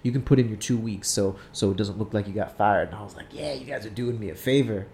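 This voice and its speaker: A man's voice: lowish voice, fast talker, darkish tone, slight background noise. A man co-hosting a podcast, joking around in a casual, profane, slangy way. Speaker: podcast co-host. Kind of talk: casual banter.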